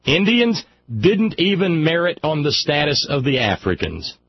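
A man's voice: fairly high pitch, big pitch swings, unhurried, breathy edge, no room sound. Stammering, heated male talk radio host. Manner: stammering, restarts often, heated. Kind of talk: casual political talk radio chat. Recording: slightly dull radio audio with faint noise.

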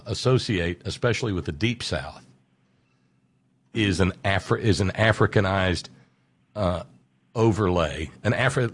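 Low-voiced man explaining at length. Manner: explanatory, drawn-out emphasis on key words. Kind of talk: casual radio conversation.

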